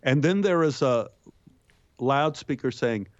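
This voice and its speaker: Here the male actor takes his time telling stories as a guest, his pitch leaping up for punchlines and quoted lines in lively raconteur fashion. There's no echo, and the top end is rolled off.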